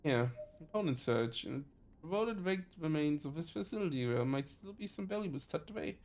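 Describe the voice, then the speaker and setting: A man's voice: a little high, animated, darkish tone. A man with a German accent reading game text aloud during a let's play, stumbling and correcting himself often. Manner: halting reading with frequent self-corrections. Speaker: streamer.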